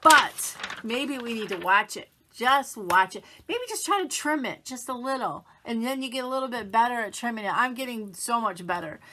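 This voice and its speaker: Bright, chatty motivational woman. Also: on the high side, normal speed, few pauses, slight background noise. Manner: chatty, upbeat, acts out quoted self-talk. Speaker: motivational vlogger. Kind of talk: casual motivational talk to camera.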